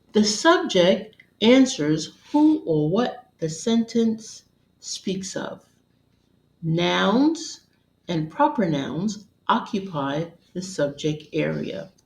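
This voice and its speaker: A woman narrating a scripted grammar lesson as a teacher, in a measured, deliberate, instructional way. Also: fairly low pitch, a little mellow. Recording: roomy echo.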